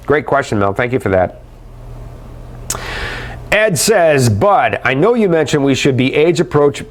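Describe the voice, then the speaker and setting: A middle-aged man hosting a live webcast, chatty and upbeat as he answers viewer questions and calls them guys. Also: medium pitch.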